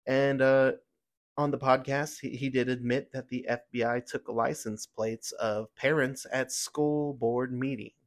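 Male podcast host, mid-pitched, heated opinionated news rant full of fillers. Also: fairly even intonation, measured pace. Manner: heated, ranting, with many fillers and restarts.

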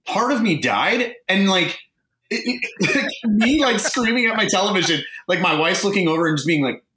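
A man with a fairly high, bright and lively voice rants in casual podcast chat, swearing freely. His pitch swings a lot as he talks. The sound carries an echoey room around him. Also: moderate pace. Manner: animated, swearing, exasperated ranting. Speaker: podcast co-host.

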